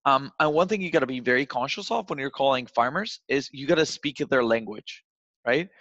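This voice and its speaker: A man's voice: medium pitch, brisk, a bit bright, dry recording. A man giving casual sales advice, loose and chatty, tagging his points with "right?". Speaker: sales coach. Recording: dull, dry recording.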